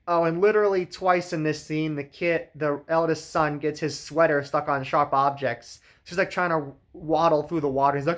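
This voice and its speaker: A man's voice: on the high side, a bit bright. Sarcastic young man recapping a movie. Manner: wry, heavy on "like" fillers. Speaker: movie reviewer.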